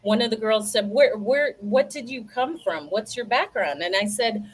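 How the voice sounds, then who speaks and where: A woman from the United States who hosts a casual livestream, chatting straight to her viewers and telling stories in an animated way. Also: fairly high pitch, moderate pace, few pauses, breathy edge. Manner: chatty, animated storytelling, talks to viewers directly. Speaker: livestream host. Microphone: computer mic, livestream.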